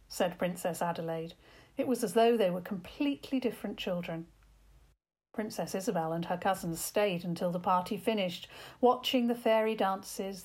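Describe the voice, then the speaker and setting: Woman storyteller, gentle and expressive; reads children's tales aloud. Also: mid-range voice. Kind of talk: children's bedtime story narration.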